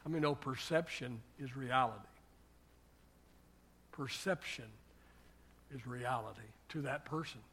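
Folksy older preacher, bright and emphatic. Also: male voice, mid-range voice, unhurried, long pauses, breathy edge. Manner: folksy storytelling preacher, rising to emphatic exhortation. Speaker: pastor. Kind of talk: sermon.

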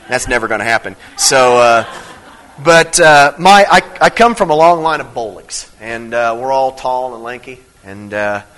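Bright-voiced man preaching a sermon. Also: medium pitch, poor audio. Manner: earnest, conversational preaching with many restarts and fillers; swings between emphatic teaching and quiet storytelling. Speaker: pastor. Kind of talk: evening sermon with personal stories.

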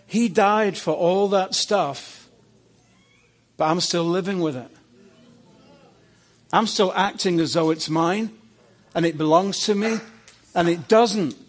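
A man delivers a sermon as a personal story, speaking slowly with a fairly high voice. He tumbles into stammers and restarts as he relives the moment. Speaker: preacher.

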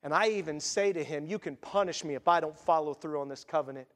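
A preacher voicing a resolute young widow. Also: male voice, a little high, fast talker, fairly bright tone, voice pushed down, natural voice. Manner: earnest, resolute vows. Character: devoted young widow pledging loyalty. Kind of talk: sermon.

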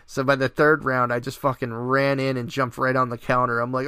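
A man's voice: medium pitch, fairly quick, few pauses, clean tone, no echo. A man hosting a casual gaming podcast, telling a funny story with frequent laughter. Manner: laughs often, animated storytelling. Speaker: podcast host.

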